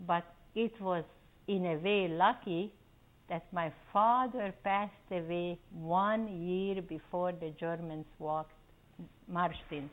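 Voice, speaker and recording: A woman's voice: medium pitch, slow pace, low-quality recording. An older woman from Czechoslovakia telling her family's story in an oral history interview, acting out what people said. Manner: animated storytelling, acting out quoted voices.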